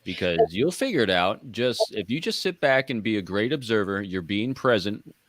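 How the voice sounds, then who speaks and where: A man's voice: fairly low pitch, expressive, moderate pace, no echo. Earnest New York man co-host. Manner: earnest, advice-giving. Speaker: podcast co-host. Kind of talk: casual panel chat.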